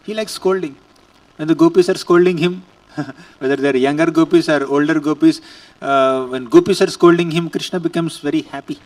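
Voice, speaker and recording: A male preacher gives a devotional lecture, explaining verses with chuckling asides. His voice sits high for a man. He sounds somewhat distant from the microphone. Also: fairly even intonation, moderate pace, darkish tone, no echo.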